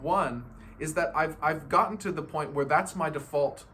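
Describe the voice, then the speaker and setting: A man's voice: on the high side, normal speed, a bit bright, slight background noise. A man giving a casual, playful motivational talk on feeling good, laughing often and acting out other people's voices. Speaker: spiritual self-help speaker.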